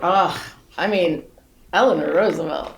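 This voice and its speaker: A woman's voice: fairly low pitch, unhurried, gravelly, a little hiss or hum. A middle-aged woman guest on a casual podcast interview, telling stories with lots of laughter, exclamations and quoted voices. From United States. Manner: animated storyteller, laughs often, breaks into exclamations and quoted voices.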